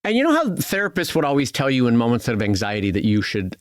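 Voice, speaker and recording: A man co-hosting a podcast, chatting casually in a playful, animated way. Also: mid-range voice, quick pace, no room sound, clean studio sound. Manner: animated, playful, jokes around. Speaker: podcast co-host. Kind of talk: casual chat.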